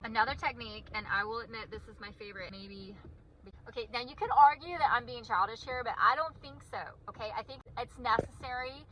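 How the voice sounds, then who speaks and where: A woman's voice: on the high side, a little fast, a bit bright, a little hiss or hum, poor audio. A woman and parent giving a comedic, sarcastic, self-deprecating monologue about raising her son.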